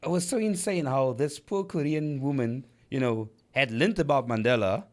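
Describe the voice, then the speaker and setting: A man's voice: mid-range voice, moderate pace, a little mellow. A man co-hosting a podcast, telling a story in casual chat with emphatic rhetorical questions. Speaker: podcast co-host.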